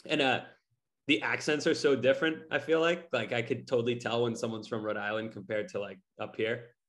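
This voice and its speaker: A man's voice: mid-range voice, fairly even intonation, a little fast, a bit bright. A young man from New England, talking loosely in casual chat with lots of fillers.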